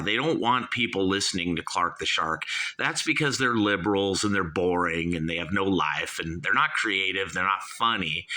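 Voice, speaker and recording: A man's voice: lowish voice, pushed and bright. A man hosting his own talk show, rambling through a boastful, self-mocking comic monologue and often addressing listeners as "you guys".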